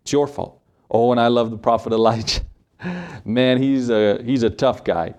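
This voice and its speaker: A man preaching a sermon in an emphatic, pulpit-style delivery. His voice sits at an ordinary middle pitch, and he keeps asking rhetorical questions as he drives his points home. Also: moderate pace, a little mellow.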